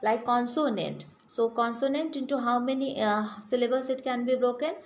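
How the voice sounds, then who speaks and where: A woman with a fairly high voice speaks at a normal speed with few pauses. She's giving children a grammar lesson, spelling out words letter by letter and asking the class questions, recorded in an echoey room with faint background noise.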